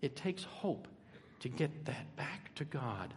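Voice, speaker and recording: An older man preaching a sermon, emphatic, swinging between loud and soft with dramatic pauses. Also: medium pitch, big pitch swings, a little hiss or hum. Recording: echoey hall.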